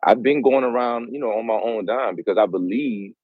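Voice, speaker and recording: A man's voice: medium pitch, brisk, breathy edge, dry recording. A man in his forties with a North Carolina accent, calling in and earnestly making his case. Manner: earnest, self-promoting. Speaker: caller, political candidate. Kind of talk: casual call-in talk. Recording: dull lo-fi call line.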